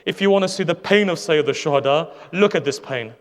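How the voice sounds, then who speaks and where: A man's voice: on the high side, brisk. A man preaching a sermon, telling a sorrowful story with impassioned rhetorical questions to his audience. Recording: long hall reverb.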